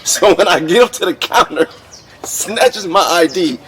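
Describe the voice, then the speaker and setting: A man's voice: sits high, a little slow. A man co-hosting a casual podcast chat, telling stories and acting out voices. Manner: animated storyteller, acts out voices. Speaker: podcast co-host.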